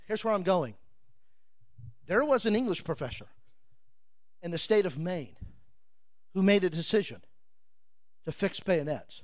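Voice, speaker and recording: High-voiced preacher man, dramatic storytelling. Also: no echo. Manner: dramatic storytelling preacher, shouting quoted lines. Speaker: pastor. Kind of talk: sermon. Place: revival tent.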